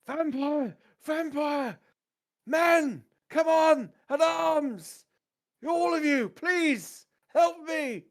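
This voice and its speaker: A desperate, bleeding soldier captain yells in a high, strained pitch far above the speaker's normal voice, as a man playing a tabletop game puts him on. He sounds frantic and worn out, a wounded man calling for his men. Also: unhurried, gravelly, long pauses. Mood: panicked shouting. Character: bloodied dying male soldier captain, desperate.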